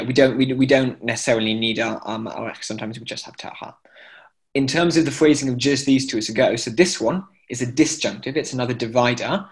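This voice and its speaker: Male chant teacher on a video call, mid-pitched, explains patiently with fillers and sung examples. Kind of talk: online class instruction.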